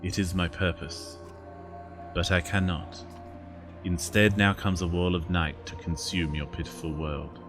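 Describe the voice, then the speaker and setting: A man's voice: low-pitched, level tone, measured pace. A man voicing a monumental ancient serpent, reading game dialogue in a grandiose, ominous put-on voice. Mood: menacing. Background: game music.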